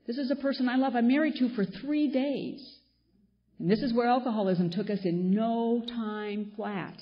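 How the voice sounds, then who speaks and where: A woman's voice: on the high side, moderate pace. A middle-aged woman sharing her own story at a support meeting, blunt and emphatic, hammering points home by repeating them. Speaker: speaker at a recovery meeting. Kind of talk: personal share at a support meeting. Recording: dull lo-fi recording.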